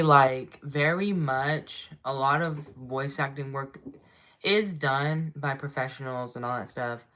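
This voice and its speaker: A woman's voice: very deep voice, fairly bright tone. A woman streaming casually, rambling with many fillers and talking to her viewers. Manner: repeats herself, trails off mid-sentence. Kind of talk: casual live-stream chat.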